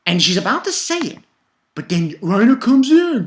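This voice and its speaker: A man's voice: high-pitched, sing-song, normal speed. A young man talks through his review in a loose, rambling rant. He swears often and his voice heats up as he vents. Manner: profane, rambling, heated. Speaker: manga reviewer.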